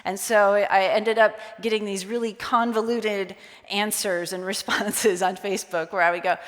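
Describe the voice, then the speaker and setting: A woman giving a conference talk on stage, lively and acting out quoted voices. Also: mid-range voice, normal speed. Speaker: conference speaker. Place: conference hall. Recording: long hall reverb.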